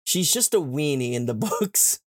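In a slightly high, animated voice, a man on a podcast runs through a book's story, cursing freely and turning the characters' lines into rapid modern slang. The recording is dry and studio quality.

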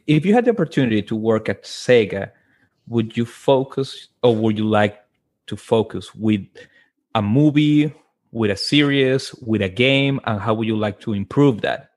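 Male co-host, mid-pitched, friendly and a little halting. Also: expressive, a little mellow. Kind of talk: casual podcast chat.

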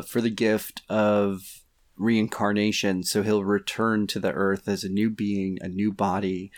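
A man co-hosting a podcast, chatting casually in a laid-back, rambling way and giggling often. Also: on the low side. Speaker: podcast co-host. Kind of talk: casual comedic chat.

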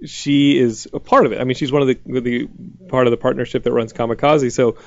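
A man in his late thirties hosts a studio podcast in loose, animated chat. His voice sits mid-range and close to the mic with a dry sound. The recording is slightly dull. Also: brisk, gravelly, no echo. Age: late 30s. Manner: animated, acts out squeaky panicked asides. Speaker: podcast host. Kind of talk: casual chat.

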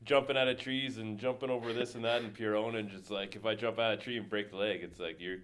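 A man's voice: on the low side, fairly even intonation, fast, a bit bright, a little hiss or hum. A man chatting casually on a podcast, trading loose, laughing banter.

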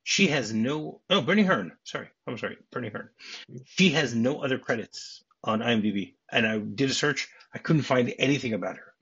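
A man's voice: medium pitch, expressive, fairly quick, a bit bright, slightly rough, muffled recording. A man co-hosting a podcast, chatting casually and explaining film scenes and trivia at length. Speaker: podcast co-host.

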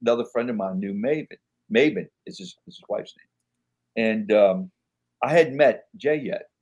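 Älterer Mann, Gast im Gespräch, erzählt Geschichten, heiser. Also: male voice, on the low side, moderate pace, breathy edge, lo-fi sound. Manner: animated anecdotes, frequent swearing. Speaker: guest actor. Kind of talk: casual storytelling chat.

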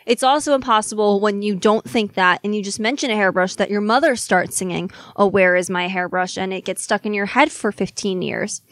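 A woman's voice: medium pitch, a little fast, few pauses, fairly bright tone, no room sound. A young woman co-hosting a podcast, chatting enthusiastically and rambling through memories. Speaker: podcast co-host. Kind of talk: casual chat.

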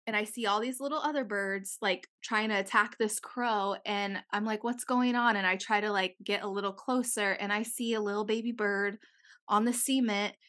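Bright-voiced young woman telling a story. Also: mid-range voice, moderate pace. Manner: animated storytelling, swears freely, acts out quotes. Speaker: podcast co-host. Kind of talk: casual chat.

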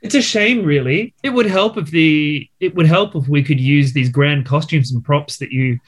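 A man's voice: a little high, moderate pace. A man rehearsing lines for a play in long, rambling, theatrical speeches. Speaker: actor in a rehearsal. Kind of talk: theatrical line reading in rehearsal.

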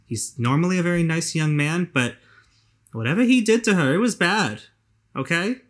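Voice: medium pitch, animated, normal speed, pitched above the performer's own voice, natural voice. A game master voicing a blunt, wary woman who protects a friend.

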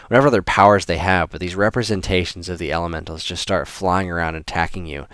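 A man's voice: sits low, a bit bright, smooth, no echo, clean studio sound. A man hosting a show on video game music, talking casually with many restarts and open enthusiasm. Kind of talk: casual spoken commentary.

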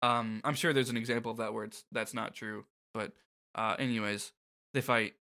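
A man's voice: lowish voice, fairly even intonation, moderate pace, sharp tone. A man co-hosting a podcast, recapping a video game in casual, joking chat with frequent swearing and laughter. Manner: joking, profane, laughs often. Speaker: podcast co-host.

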